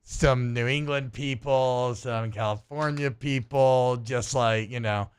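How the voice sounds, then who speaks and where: A man's voice: mid-range voice, steady tone, slow pace, clear, resonant tone. A man from suburban Georgia co-hosting a sports radio show, talking in a chatty, rambling, joking way. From suburbs north of Atlanta, US. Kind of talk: casual sports talk banter.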